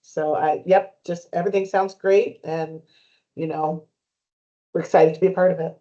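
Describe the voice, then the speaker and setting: A woman talks in a mellow, fairly low voice at a town meeting, stopping and restarting often with fillers. The recording is muffled and dull. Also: fairly even intonation. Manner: halting, many fillers and restarts. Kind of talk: meeting discussion. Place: meeting room.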